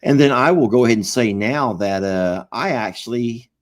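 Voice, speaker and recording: A man's voice: medium pitch, normal speed. A man co-hosting a casual chat, joking and acting out quoted texts in a raised voice. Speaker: co-host.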